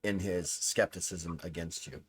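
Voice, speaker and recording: A man's voice: sits low, steady tone, a crowd in the background. A man narrating as game master of a tabletop role-playing game, rambling with many fillers. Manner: rambling, full of fillers, voices characters in quick asides.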